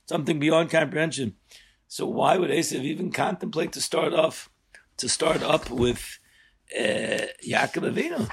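An older man giving an earnest Torah lesson, rising sharply in pitch and volume when he stresses a point. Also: animated, normal speed, creaky, slightly rough. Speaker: rabbi teaching a Torah class.

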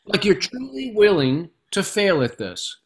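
A man's voice: sits high, very animated, measured pace, breathy edge. A middle-aged man, a guest author in an interview, speaking reflectively and repeating words as he gathers his thoughts. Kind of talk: conversational interview.

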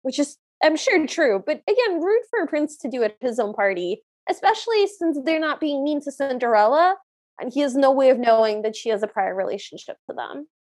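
A woman's voice: high voice, sing-song, a little fast, darkish tone. A woman co-hosting a podcast, chatting in an opinionated way about a film and stretching words out for emphasis. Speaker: podcast co-host. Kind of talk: casual chat recapping a film.

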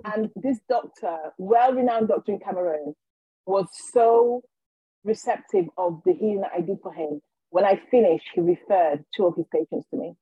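A woman, a healer and podcast guest, telling a personal story with animated energy, acting out the quotes and restarting her sentences. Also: medium pitch, moderate pace, breathy edge, dry recording, phone-quality sound. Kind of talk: casual storytelling in an interview.

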